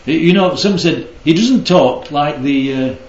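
A man's voice: a little high, unhurried. A man leading a group Bible study, teaching interactively and keeping the group involved with frequent check-ins. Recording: roomy, slightly dull recording.

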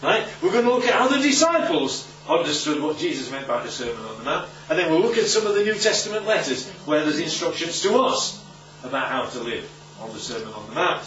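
A man's voice: on the high side, a little fast, slight background noise. A man preaching to a live audience, teaching emphatically and checking in with rhetorical questions. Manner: emphatic, lively teaching delivery. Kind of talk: sermon-style Bible teaching. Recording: echoey, distant, muffled room recording.

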